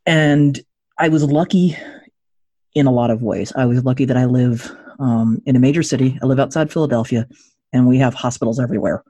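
A woman in her forties tells her story as a podcast guest. She talks in a husky voice. She jokes along the way and acts out other people's lines with big jumps in pitch. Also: fairly quick. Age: 40s. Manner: jokey, acts out dialogue with lively pitch jumps. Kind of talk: animated personal storytelling.

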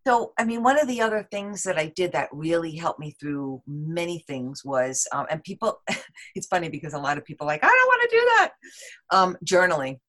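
Animated woman podcast guest, lower voice. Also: brisk. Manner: animated, rambling, heavy on "like" and "you know". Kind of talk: casual interview chat.

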